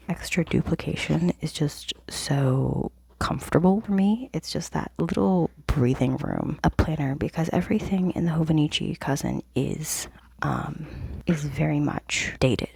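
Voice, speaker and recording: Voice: medium pitch, gravelly, slight background noise. A young adult host whispering a casual, rambling planner review into a close microphone in a home office before dawn. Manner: hushed whisper, rambling with fillers. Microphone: plugged-in microphone, close.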